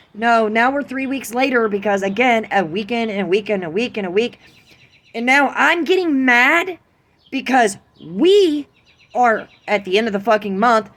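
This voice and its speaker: A woman vlogger venting in a heated, profane rant straight to camera. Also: mid-range voice. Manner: heated, ranting, heavy swearing.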